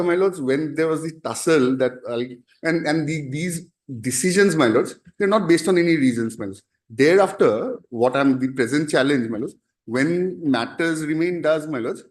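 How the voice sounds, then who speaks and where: A man arguing a case as an advocate in a courtroom, formal and halting, constantly addressing the bench. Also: fairly high pitch, a little mellow. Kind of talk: courtroom argument.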